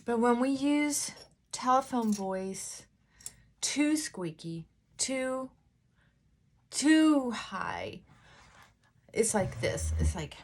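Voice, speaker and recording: A woman vlogger chatting casually while getting ready, talking things through in a thoughtful, unhurried way with frequent pauses and fillers. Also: fairly high pitch, animated. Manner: unhurried, reflective, thinking aloud.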